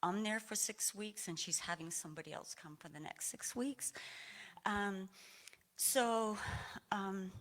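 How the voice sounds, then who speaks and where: A woman's voice: mid-range voice, a bit bright. Emotional woman telling a meandering church testimony. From Aroostook County, Maine. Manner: meandering, conversational storytelling. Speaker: congregant sharing a testimony. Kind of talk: personal testimony at a church service.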